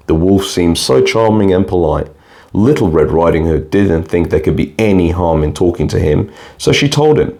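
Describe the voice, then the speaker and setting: A man with a very deep voice reads a bedtime fairy tale aloud. His delivery is calm and steady, paced like a storyteller settling children down. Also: normal speed. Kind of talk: scripted bedtime story narration.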